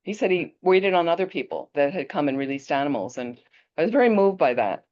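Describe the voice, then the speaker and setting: Woman Buddhist teacher, deep voice, lively storyteller, muffled lo-fi audio. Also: a little fast. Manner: animated storyteller, chatty with restarts. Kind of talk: teaching talk with personal anecdote. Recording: dull lo-fi audio.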